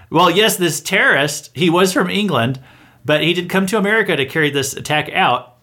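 Male commentary host, higher voice, bright and forceful delivery, sarcastic and mocking. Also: expressive, brisk. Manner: sarcastic, mocking, chuckles between points. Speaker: host of a satirical news round-up. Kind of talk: opinionated political commentary monologue.

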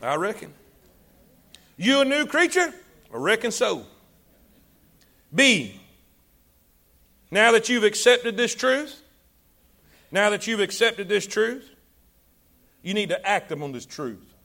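A preacher delivering a sermon, his voice high and ringing with a bright, sharp edge. He calls on the congregation to repeat after him, pushing hard on key words and then dropping low and soft. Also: very animated, slow, vocal fry, pauses often. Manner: exhorting congregation, call and response; rises and drops in volume for emphasis. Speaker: pastor.

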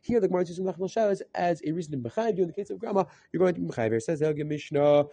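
Man, Talmud teacher, very fast chanting delivery, dark mellow voice, dry close sound. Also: sits high, animated, vocal fry, husky, no echo. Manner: rapid translating chant mixing Aramaic phrases. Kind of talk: rapid daf yomi lesson.

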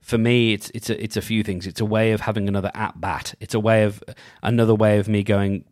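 A man's voice: lowish voice, steady tone, fast, few pauses, a little mellow, dry recording, studio quality. A man talking alone in a casual, rambling monologue, often restarting his sentences and thinking aloud. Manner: rambling, full of restarts and "you know".

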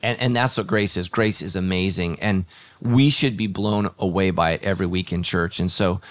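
A man's voice: low-pitched, fairly even intonation, moderate pace, dry recording. A man, a pastor hosting a podcast, talking in a thoughtful, earnest way with many fillers and restarts. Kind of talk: casual podcast conversation.

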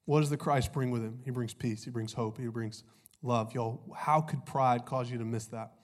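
Pastor with a cold. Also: male voice, medium pitch, fairly even intonation, normal speed. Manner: conversational, jokey, says "y'all" often. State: recovering from a cold, voice a little off. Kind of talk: sermon.

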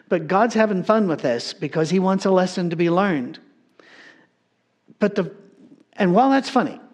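A man preaching a sermon, telling a story in a humorous, conversational way. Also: high-pitched.

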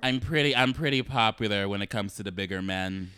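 A man's voice: lowish voice, a little fast, smooth, no echo, clean studio sound. A young man co-hosting a casual podcast, telling bawdy stories and laughing often. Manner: bawdy, laughing, animated storyteller. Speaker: podcast co-host. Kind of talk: casual comedic chat.

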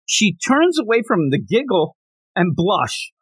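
Man, podcast co-host, casual manga chat, animated storytelling, very lively pitch, dry sound. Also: slow, slightly rough, no echo. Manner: animated storyteller, acts out characters' lines.

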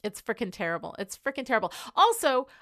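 A woman's voice: fairly high pitch, sing-song, fast, bright, forceful tone. A woman co-hosting a casual chat about a TV show, ranting in an exasperated, profane way. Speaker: podcast co-host.

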